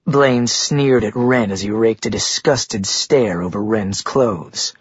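A male audiobook narrator reading in a steady storytelling manner. His voice is mid-pitched and very husky. The recording is dry, with no room sound, and its tone is dull. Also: takes it slowly, hardly any pauses, no room sound. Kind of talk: scripted narration.

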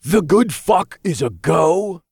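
A man doing a tiny imp in a storybook reading, brash and loud, squeaky high voice bouncing all over, bossy and excitable, dry close sound. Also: takes it slowly, creaky, slightly rough, dry recording, full character voice. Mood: excited. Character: tiny excitable male imp weed dealer.

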